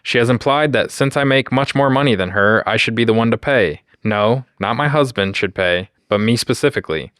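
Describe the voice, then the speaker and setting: A man co-hosting a podcast, reading a story aloud in a steady, matter-of-fact way. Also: mid-range voice, a little fast, hardly any pauses, smooth, no echo, studio quality. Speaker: podcast co-host reading stories.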